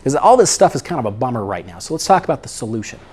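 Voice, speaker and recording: A man's voice: mid-range voice, sing-song, rapid-fire, darkish tone, slightly rough. A middle-aged man, a psychologist, giving a conversational lecture and often checking in with "right?" and "okay?". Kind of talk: lecture talk.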